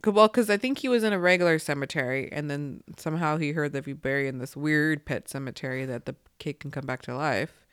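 A man with a fairly high, smooth voice co-hosts a casual chat. He hedges and restarts as he speaks, and the recording sounds close and dry. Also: quick pace, hardly any pauses, fairly bright tone, no echo. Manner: hesitant, full of "like" and restarts. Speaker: podcast co-host. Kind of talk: casual chat about a film.

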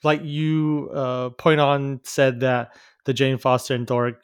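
A man's voice: medium pitch, steady tone, slow, clean tone, dry recording, studio quality. A man co-hosting a podcast, chatting loosely with lots of "like" fillers and laughing now and then. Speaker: podcast co-host. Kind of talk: casual chat.

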